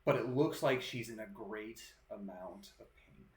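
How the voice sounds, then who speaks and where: A man's voice: fairly low pitch, measured pace. Male game master, easygoing scene narration, recorded in a roomy, echoing space. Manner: descriptive, relaxed, with fillers.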